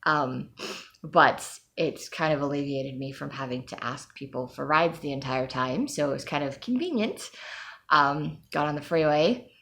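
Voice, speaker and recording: A woman's voice: low-pitched, moderate pace, fairly bright tone. A woman giving a candid, rambling personal update, with frequent ums and sighs. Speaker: vlogger.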